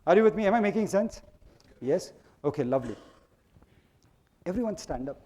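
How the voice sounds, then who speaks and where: A man's voice: high voice, lively intonation, normal speed, warm tone. A middle-aged man with an Indian accent gives a motivational talk to a live audience, switching between Hindi and English and putting questions to the crowd again and again. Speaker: speaker leading a workshop. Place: auditorium with an audience.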